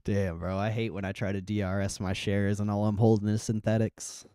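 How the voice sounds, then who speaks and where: A man with a lowish voice hosts a relaxed livestream, chatting loosely and swearing as he reacts to viewer comments. He laughs often and trails off into mumbles. The recording is close and dry. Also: fairly quick, clear, resonant tone, dry recording. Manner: laid-back, swears a lot, laughs often. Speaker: livestream host. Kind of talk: casual livestream chat reading comments.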